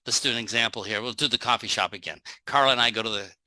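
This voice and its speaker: A male sales trainer speaks to a live online audience in a bright, forceful voice. He keeps it folksy and joking, acting out short scenes as he goes. The sound is dry and close, with no room echo. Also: mid-range voice, fast talker.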